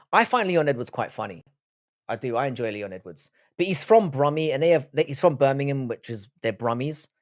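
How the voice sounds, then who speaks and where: A man's voice: medium pitch, dry recording, studio quality. A man with a London accent hosting a live stream, chatting casually with viewers in loose, sweary banter. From Britain. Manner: loose, sweary banter, repeats words to show how he says them.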